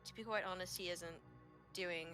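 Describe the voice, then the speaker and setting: A kind young adventurer asks her questions politely and hesitantly, as a woman player voices her. Her voice is bright and clear, and faint music plays behind. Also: lowish voice, fairly even intonation, normal speed. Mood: earnest. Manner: polite and hesitant, with many fillers.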